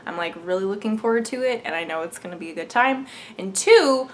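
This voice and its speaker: A woman's voice: medium pitch, expressive, fairly quick, slight background noise. A young adult woman hosting a knitting podcast, chatting casually and bubbly, laughing often. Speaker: podcast host. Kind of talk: casual chat.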